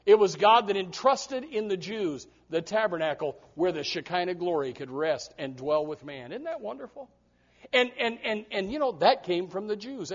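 High-voiced emphatic male preacher. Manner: emphatic, repeats words as he restarts. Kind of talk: sermon. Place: church before a congregation. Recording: dull lo-fi recording.

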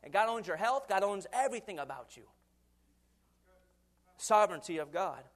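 A man in his twenties preaching a sermon in an animated way, acting out quoted voices and chuckling often. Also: high-pitched, normal speed. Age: 20s.

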